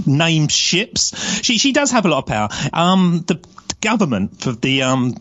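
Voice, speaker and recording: A man from England with a mild London accent, a podcast guest chatting casually with deadpan, dry humour. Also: a little high, measured pace, no echo. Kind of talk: casual chat. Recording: dull lo-fi sound.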